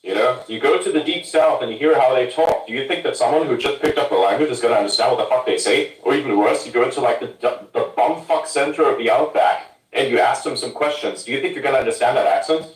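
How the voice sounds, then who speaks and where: A man's voice: medium pitch, fast, few pauses. A man from Germany ranting bluntly and swearing in a casual podcast chat. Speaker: podcast host. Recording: roomy sound from a distance.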